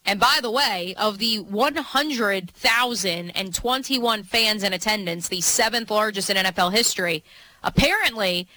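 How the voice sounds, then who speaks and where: A woman's voice: mid-range voice, normal speed, bright, forceful tone, poor audio. A woman co-hosting a sports radio show, chatty and playful in casual banter. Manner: chatty, playful, trails off and restarts.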